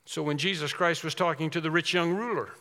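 A man preaching a sermon, earnest and emphatic, circling back to repeat his key phrases. His voice sits high and sounds bright and forward. It rings out with a long reverb, as in a large hall. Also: fairly quick.

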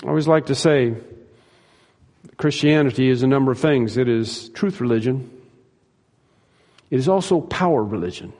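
A man's voice: medium pitch, normal speed, pauses often, a little mellow, in a large hall. A man preaching a sermon emphatically, repeating phrases for stress and acting out quoted lines. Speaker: pastor.

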